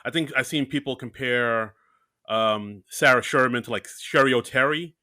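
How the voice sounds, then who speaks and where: This podcast co-host is a man with a medium-pitched, bright voice and a forceful tone, speaking at normal speed. He chats casually but hesitantly, leaning on many fillers. The recording is studio quality with no room sound.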